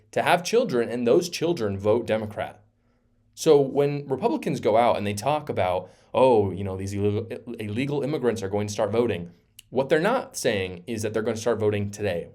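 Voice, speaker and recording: A male host delivering opinion commentary with sarcasm and emphasis. His voice sits fairly low and he hammers his points home. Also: darkish tone. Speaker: political commentator.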